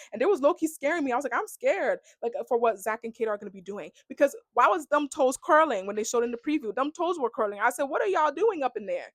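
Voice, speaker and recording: A young woman ranting casually about a reality show, full of "like" and animated reactions. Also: a little high, no echo. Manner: chatty, heavy on "like", animated reactions. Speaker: reality TV recap vlogger. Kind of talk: casual rant to camera.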